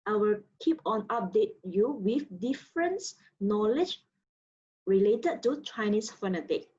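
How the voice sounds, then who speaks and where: A woman's voice: medium pitch, expressive, unhurried, mellow, highs cut off. A woman teaching Mandarin pronunciation, drawing out syllables with their tone contours and explaining in simple, slightly non-native English. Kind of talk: slow pronunciation lesson.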